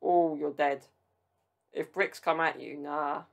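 A man's voice: a little high, steady tone, slow, creaky, muffled recording. A man with a British accent giving casual, blunt and exclamatory reaction commentary with cheeky banter. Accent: British English. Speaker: video commentator.

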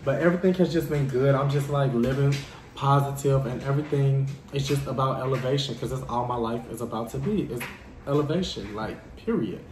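A man telling a dramatic personal story to his vlog viewers in a lively, casual way. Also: mid-range voice, brisk, roomy sound. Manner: animated, dramatic storytelling addressing viewers as y'all. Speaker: vlogger.

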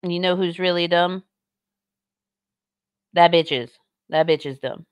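A woman's voice: fairly low pitch, fairly even intonation, unhurried, clear, resonant tone, dry recording, clean studio sound. A woman streamer giving casual commentary on clips and reading chat, sarcastic, blunt and mocking.

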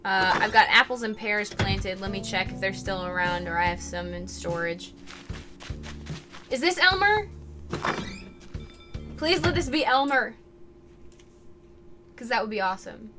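A woman streaming a video game in casual chat, talkative and quick to burst into excited squeals and laughter. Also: medium pitch, music in the background.

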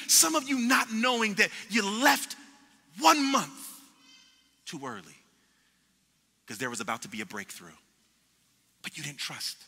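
A man preaching in a church sanctuary, his voice high and bright with a hard edge. He builds with passion, repeats his words and voices the people in his story. The sound carries a long reverb from the hall. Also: very animated, measured pace, pauses often, husky. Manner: impassioned preaching with repetitions and acted-out quotes. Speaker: pastor. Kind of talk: sermon.

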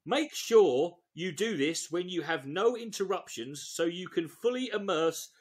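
A man's voice: sits high, animated, unhurried, breathy edge. A man hosting a comedic read-through of a dating book, swearing often and rambling off into asides. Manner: profane, rambling, riffs between read passages. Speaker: host. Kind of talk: comedic reading of a self-help book.

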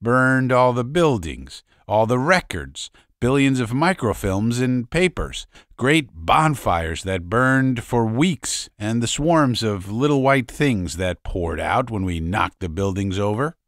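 A man voicing a gruff older revolution veteran in an audiobook, telling war stories in a deep, furry voice with boastful swagger. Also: lively intonation, takes it slowly, hardly any pauses, a bit bright, no room sound, clean studio sound. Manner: boastful, beer-soaked storytelling. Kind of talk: audiobook character voice.

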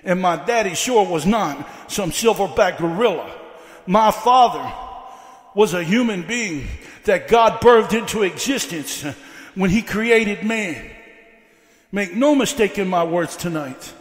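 High-pitched preacher in an echoey hall. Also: male voice, expressive, a little slow. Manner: fiery preaching with repeated "uh" fillers; builds by repeating questions. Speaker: evangelist. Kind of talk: revival sermon.

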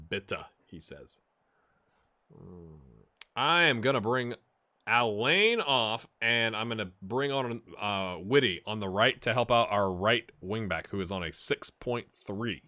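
A man giving casual, amused commentary while playing a football management game, getting excited during the action. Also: lowish voice. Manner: chatty, amused, jumps to excited play-by-play. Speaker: gaming YouTuber. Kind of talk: casual let's-play commentary.

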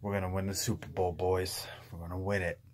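A young man from Canada talking casually to his vlog audience, low-key and sleepy since he just woke up. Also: flat delivery, a little fast, a little mellow. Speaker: vlogger.

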